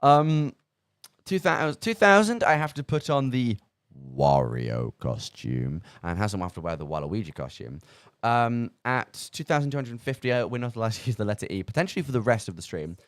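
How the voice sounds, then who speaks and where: A man's voice: fairly low pitch, big pitch swings, fairly quick, no echo. A man hosting a live charity radio stream, rambling and self-mocking with lots of fillers, talking into a studio microphone in a small studio. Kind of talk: casual live radio chat.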